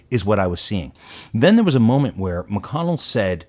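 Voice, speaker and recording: A man co-hosting a casual political talk show, opinionated and animated, with quick asides. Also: fairly low pitch. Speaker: podcast co-host.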